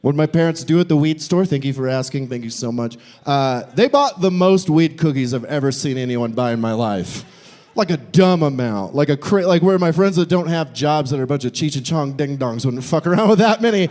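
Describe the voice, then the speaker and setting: A man's voice: on the high side, expressive, a little fast, darkish tone. A young man from the Midwest doing a stand-up set live in a brewery, rambling and swearing, often laughing at his own jokes. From Nebraska. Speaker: stand-up comedian.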